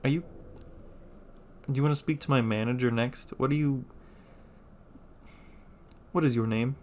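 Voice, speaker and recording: A man's voice: mid-range voice, fairly even intonation, moderate pace, a little mellow, slight background noise, natural voice. A man voicing an entitled, demanding woman trapped in a church, indignant and bossy with sudden sugary turns.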